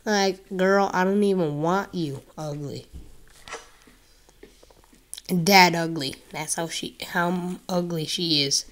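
Slow-talking joking woman gamer. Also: fairly low pitch. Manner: joking, sassy running remarks. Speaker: gameplay commentator. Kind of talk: casual horror game commentary.

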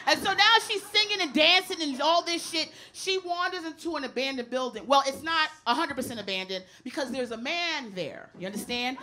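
A woman's voice: sits high, brisk, hardly any pauses, bright, forceful tone. A woman comedian doing a brash, profane stand-up routine on a club stage, telling the story. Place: comedy club stage before a live audience. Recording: live club recording with audience laughter and noise.

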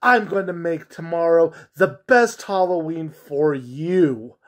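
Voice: medium pitch, takes it slowly, natural voice. A performer voicing a kind, curious little girl who speaks earnestly.

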